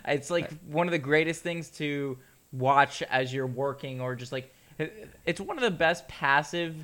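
A man hosts a podcast in casual chat, joking his way through the talk. His voice is bright, smooth and a touch high. He sounds loose and chatty. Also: unhurried. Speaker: podcast host.

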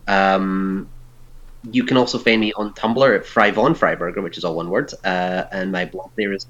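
A man's voice: low-pitched, fairly even intonation, normal speed, fairly bright tone, lo-fi sound. A man co-hosting a podcast in casual chat, talking earnestly and rambling with fillers. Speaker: podcast co-host.

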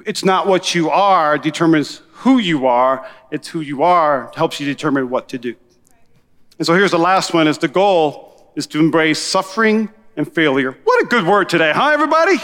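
A man preaching a sermon as pastor, energetic and conversational, calling out to his congregation. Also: fairly high pitch, in a large hall.

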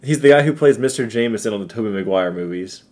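A man's voice: on the low side, lively intonation, quick pace, darkish tone. A man co-hosting a casual podcast chat, rambling enthusiastically and laughing often. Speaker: podcast co-host.

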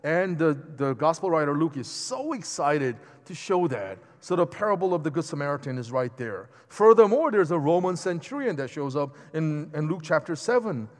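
A man preaching a sermon in a lively, conversational way, with asides to the congregation. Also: on the high side, moderate pace, few pauses. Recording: long hall reverb.

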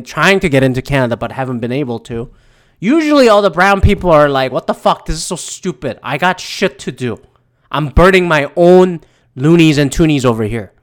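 A vlogger from Michigan delivering an angry, profane rant straight to the audience, swearing constantly and pushing toward near-shouting. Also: medium pitch.

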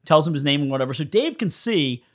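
A man's voice: a little high, fast. A man being interviewed on a podcast, telling stories casually, laughing often and acting out other people's lines. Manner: animated storyteller who laughs often and acts out quoted people. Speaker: podcast guest, musician.

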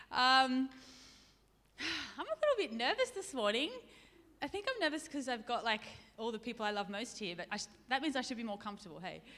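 A bright, forceful woman giving a sermon in a chatty, self-deprecating way, laughing often. Her voice sits a little high and carries a long reverb from the church hall. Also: very animated, fairly quick. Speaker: preacher.

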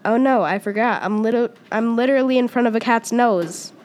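A woman reading a first-person story aloud as its storyteller, pausing and restarting often with repeated words. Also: on the high side, a little mellow.

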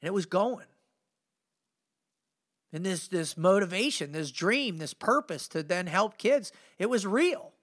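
Pumped-up guy hosting a motivation podcast, bright punchy voice, keeps saying man. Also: high-pitched, lively intonation, a little slow, long pauses. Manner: fired-up, slangy, says "man" a lot. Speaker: podcast host and motivational speaker. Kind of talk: energetic storytelling monologue.

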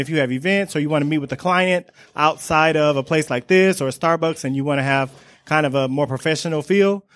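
A man, casually pitching a space he rents out. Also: a bit bright, no echo. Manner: casual and friendly. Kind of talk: short pitch.

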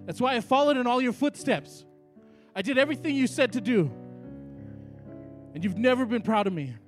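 Brief: a man doing an earnest whiny son, high voice. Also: animated, brisk, faint music behind. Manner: whiny, earnest, self-pitying. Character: needy young adult son desperate for approval.

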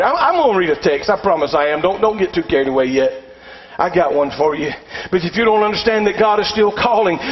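A pastor preaching a sermon, swinging from raised, shouted exhortation to quieter storytelling. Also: male voice, high-pitched. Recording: dull lo-fi sound in a long-reverb hall.

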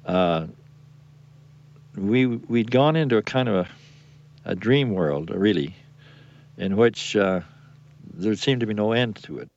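An older man, a war veteran, recalling events in an interview with halting speech and frequent pauses for words. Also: fairly low pitch, expressive, darkish tone. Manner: halting, searching for words with many fillers. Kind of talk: recollection in interview. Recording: muffled lo-fi radio recording.

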